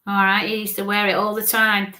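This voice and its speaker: A woman with a lilt gives a live psychic reading in a soft, reassuring manner. She keeps checking in with a gentle "okay?" as she passes on messages. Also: medium pitch, little pitch movement, brisk. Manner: gentle, reassuring, often ends phrases with "okay?". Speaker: psychic medium.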